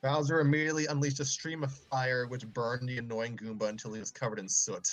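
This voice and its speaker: A man hosting, reading a fan story aloud with joking asides and clearing his throat often between passages. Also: medium pitch, steady tone, brisk, a bit bright, low-quality recording. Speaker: story reader and show host.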